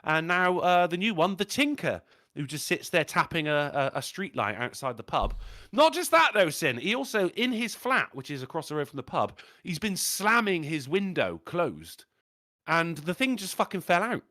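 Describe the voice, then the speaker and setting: A man's slightly high voice moves at a moderate pace in a clean studio recording without echo. He co-hosts a casual podcast, animatedly recounting pub stories while swearing a lot and laughing often.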